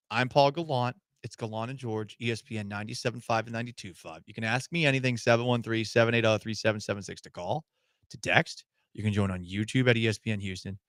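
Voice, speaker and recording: A man's voice: mid-range voice, sharp tone, dry recording. A man hosting a sports radio show, chatting casually and mocking celebrity news with sarcasm. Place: radio studio. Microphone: studio microphone.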